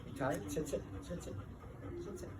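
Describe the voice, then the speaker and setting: A man's voice: moderate pace, very noisy. A man talking to his dogs in a playful, coaxing way while playing fetch, outdoors in a backyard. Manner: coaxing, playful pet talk. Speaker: dog owner.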